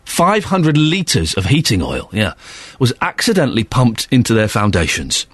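A man's voice: mid-range voice, huge pitch swings, moderate pace, a bit bright, husky, no room sound. A man hosting a radio show, joking and mock-indignant in a playful studio patter. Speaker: radio host. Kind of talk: jokey radio banter. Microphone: studio microphone.

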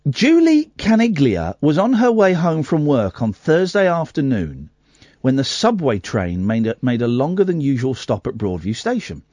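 A man's voice: mid-range voice, very animated, normal speed, a little mellow, no echo. A man hosting late-night radio, chatting and reading out a news story with asides and self-corrections. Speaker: radio host. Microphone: studio microphone.

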